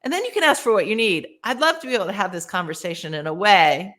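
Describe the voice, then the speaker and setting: A woman as a podcast guest giving casual, animated advice and acting out example phrases. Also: medium pitch, quick pace. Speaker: podcast guest, workplace author.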